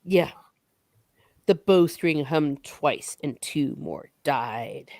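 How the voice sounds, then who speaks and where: A woman's voice: low-pitched, expressive, very slow, a little mellow, no echo, studio quality. A woman hosting a casual book discussion, recapping the plot in a chatty way and swearing now and then.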